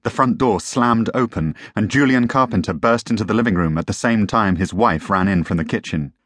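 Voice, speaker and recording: A man's voice: fairly low pitch, brisk, fairly bright tone, no room sound, clean studio sound. A man narrating a tense story as an audiobook reader. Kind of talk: scripted narration.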